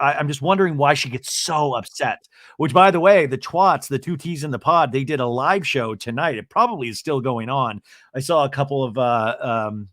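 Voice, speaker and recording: A man's voice: a little high, no echo, clean studio sound. Chatty man recapping reality TV. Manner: chatty, gossipy, acts out quotes in lively voices. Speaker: podcast host. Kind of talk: casual recap chat.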